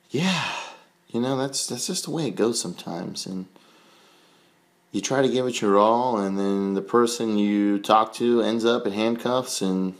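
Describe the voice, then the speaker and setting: A young man hosting a podcast, telling a rambling, self-mocking story full of fillers. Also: fairly low pitch. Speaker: podcast host. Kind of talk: casual storytelling.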